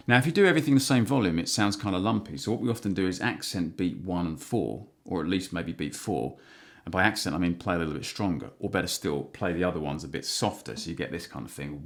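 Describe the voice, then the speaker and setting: Low-voiced guitar teacher. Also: male voice, quick pace, vocal fry. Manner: relaxed, counts beats aloud while strumming. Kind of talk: instructional guitar lesson. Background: acoustic guitar strumming.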